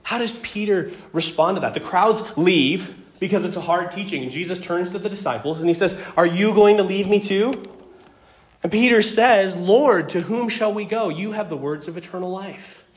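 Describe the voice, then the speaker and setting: A male pastor delivers an earnest sermon and works through scripture passage by passage. His voice sits slightly high for a man. He repeats words when he stresses a point and drops into hushed tones on tragic moments. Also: expressive, normal speed, hardly any pauses. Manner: dramatic swings between loud emphasis and hushed tones.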